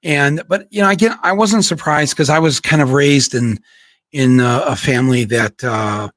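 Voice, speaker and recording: Male host, relaxed and reflective, dry close mic. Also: mid-range voice, normal speed, no room sound. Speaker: podcast host. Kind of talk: casual conversation.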